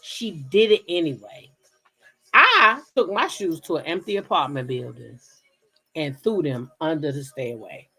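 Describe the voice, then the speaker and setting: A woman from the DC hosting a casual livestream, telling stories straight to her viewers in an animated, profane way. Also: low voice, a little slow, breathy edge, faint music behind. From Kensington, Maryland, near Washington DC. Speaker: livestream gossip host. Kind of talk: casual chat with live viewers.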